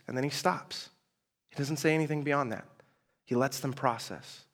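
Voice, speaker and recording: A man's voice: mid-range voice, moderate pace, pauses often, fairly bright tone. A man preaching in a casual storytelling style, chatty and slangy, with asides and mock exasperation. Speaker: preacher teaching a group.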